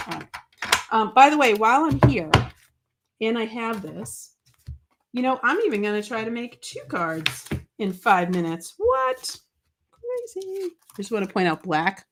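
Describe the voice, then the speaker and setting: A woman's voice: mid-range voice, a little hiss or hum. A chatty, bubbly woman hosting a live-streamed papercraft demo, answering viewer comments as she works and joking about herself. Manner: chatty, bubbly, self-deprecating, reads viewer comments aloud. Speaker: craft show host.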